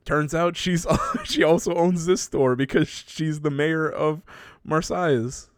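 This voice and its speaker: A man's voice: fairly high pitch, a little slow, no room sound, studio quality. A man casually recapping a story with a co-host, laughing often and swearing freely.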